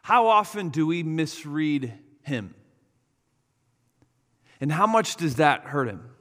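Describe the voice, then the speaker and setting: A man in his thirties preaches a sermon, a pastor telling a personal story and slipping into the voices of the people in it. His voice sits a little high for a man, and a long reverb trails behind it as if in a church hall. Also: big pitch swings, slow, a bit bright. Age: 30s. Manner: storytelling, shifts into quoted voices of his child.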